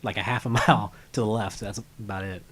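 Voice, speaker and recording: A man hosting a relaxed talk show. He rambles, restarts his sentences and lets them fade off quietly. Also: fairly low pitch, brisk. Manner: rambling, trails off softly, restarts. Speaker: host. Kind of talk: casual chat.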